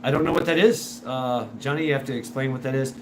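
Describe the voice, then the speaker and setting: A man hosting a show in a casual, rambling monologue, full of restarts and repeated words, and animated when he imitates other people. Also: medium pitch, fast. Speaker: show host. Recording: noisy background.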